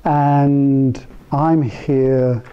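An older man giving an informal talk to a small group of therapists, telling anecdotes in a conversational way and thinking aloud with pauses and restarts. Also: mid-range voice, steady tone, mellow, clear, resonant tone, muffled recording. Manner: conversational, anecdotal storyteller who mimics the people in his stories. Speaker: speaker addressing psychotherapists. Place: meeting room with a small live audience.

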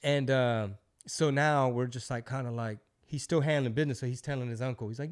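A middle-aged man hosting a podcast and spinning a long anecdote. He talks in a loose, profane style and throws himself into the voices of the people in his story. His pitch sits at an ordinary middle range for a man. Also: brisk, hardly any pauses. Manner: loose, profane, animated storyteller who acts out quotes. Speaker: podcast host. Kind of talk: casual storytelling.

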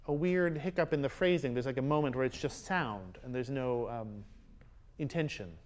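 A man teaching a master class, coaching players and singing rhythms out loud, often checking with a quick "yeah?". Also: medium pitch. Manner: sings rhythms aloud, frequent checking "yeah?". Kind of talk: coaching musicians, singing phrases. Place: concert hall with instruments playing.

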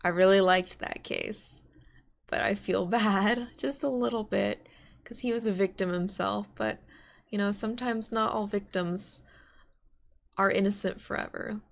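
A woman's voice: mid-range voice, fairly even intonation, a little slow, gravelly. An American woman playing a game and chatting casually about it, giggly and talkative. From United States. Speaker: game streamer. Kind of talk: casual let's play commentary.

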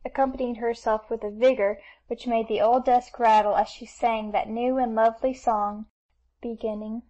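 A woman reads an audiobook of a classic novel in steady, even storytelling. Her voice sits slightly high. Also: normal speed, low-quality recording. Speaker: audiobook narrator. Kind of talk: scripted narration of a classic novel.

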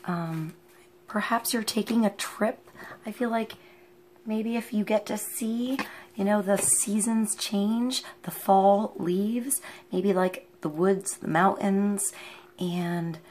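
Slow, musing woman reading tarot. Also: mid-range voice, a little mellow, slight background noise. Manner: musing, halting, thinks aloud with many pauses. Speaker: tarot reader.

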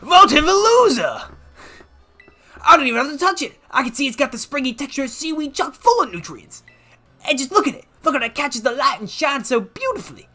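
A rowdy old man of a gym leader bellows his lines in a thick Southern drawl, voiced by a gamer reading a video game aloud. The pitch leaps all over the place and the tone is bright and sharp. Faint game music plays underneath. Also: sing-song, a little fast, heavily acted. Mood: boisterous. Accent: American Southern (put on). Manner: boisterous, drawling, exclamatory.

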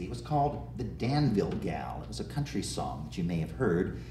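Speaking in a folksy, teacherly way, a man shares folk stories and gets the audience singing along, accompanied by guitar in a community TV studio or on a stage. His voice is medium-pitched with a darkish tone, distant and echoey in the room, over slight background noise.

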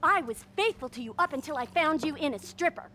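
A bitter, exasperated wife from a video game scene, scolding with curses. Her voice sits very high and swings sharply. Game background noise runs under it. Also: expressive, a little fast, sharp tone. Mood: scornful. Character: bitter, fed-up wife in a wealthy home. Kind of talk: video game cutscene acting.

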